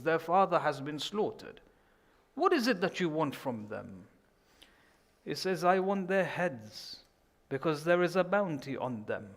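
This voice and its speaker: A man preaching in a mosque, telling a tragic story in a mournful sermon, moving from hushed tones to loud, slow, pleading lines. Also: a little high. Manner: tells a tragic story, quiet at first, growing louder and slower.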